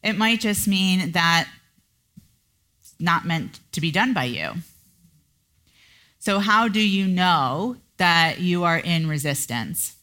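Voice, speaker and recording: A middle-aged woman hosts a solo coaching podcast, talking slowly and deliberately. Her voice sits fairly low. She brings her points to life by playfully acting out inner voices. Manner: animated, acts out inner voices in a high pitch. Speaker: podcast host and business coach.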